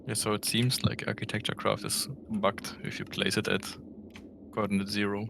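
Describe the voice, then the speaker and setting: Man, gravelly, flat delivery, hesitant, low-key, gaming voice chat. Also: moderate pace, background noise. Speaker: game player. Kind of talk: casual voice chat while gaming.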